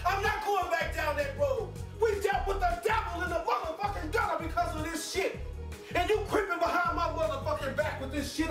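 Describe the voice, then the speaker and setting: A man's voice: mid-range voice, close to an everyday voice. Brief: man playing a recovered-addict counselor husband, drawl, fills talk with "you know", heard from a distance over a movie score. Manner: explosive profane yelling when angry. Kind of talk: film acting. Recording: roomy distant film sound with music score.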